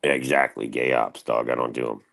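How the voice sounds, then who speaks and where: A man's voice: extremely low pitch, fairly even intonation, fairly quick, creaky, fairly bright tone. A man hosting a casual livestream, rambling and swearing as he answers chat. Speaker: livestream host.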